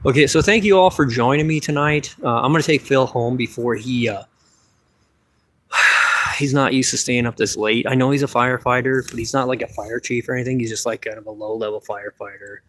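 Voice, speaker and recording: A man's voice: medium pitch, brisk, a bit bright, no room sound. A man hosting a casual late-night livestream from a parked car, rambling offhandedly with some cursing, recorded on a phone. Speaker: livestream host.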